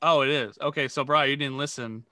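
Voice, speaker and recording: A man's voice: medium pitch, steady tone, brisk, sharp tone, dry recording, clean studio sound. A man on a podcast, coaching improv in a rambling, casual way with lots of fillers.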